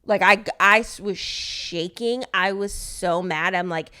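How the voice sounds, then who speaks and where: A young woman tells a story on her podcast in casual chat. Her voice sits at a middle pitch, and she curses freely while she acts out everyone's lines. She is lively and expressive. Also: slow. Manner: animated, swearing, acts out quoted dialogue. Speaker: podcast co-host.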